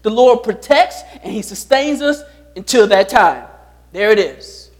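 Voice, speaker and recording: A man's voice: high-pitched, expressive, unhurried. A pastor preaching a sermon, repeating his key lines and putting rhetorical questions to the congregation.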